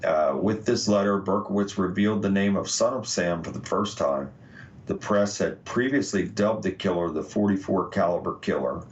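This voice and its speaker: American male podcast host, low register, halting delivery, dull lo-fi recording. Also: far from the mic. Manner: hesitant, many uh fillers. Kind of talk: casual podcast talk, reading documents aloud. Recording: dull lo-fi audio.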